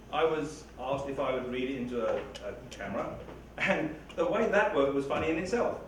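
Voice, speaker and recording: A man talking casually to a live audience, rambling and self-deprecating. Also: medium pitch. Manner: rambling, self-deprecating, chatty with frequent laughs. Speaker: writer or reader speaking to a live audience. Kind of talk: casual talk-back with an audience. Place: hall with an audience. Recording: echoey hall recording from far off, noisy.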